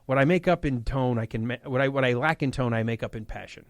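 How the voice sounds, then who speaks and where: A man with a Midwestern accent filling in as a talk radio host, chatting fast and telling animated stories. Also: mid-range voice, dry recording. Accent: Midwestern American. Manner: animated, fast storytelling with quoted voices. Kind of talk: casual talk radio chat. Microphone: studio microphone.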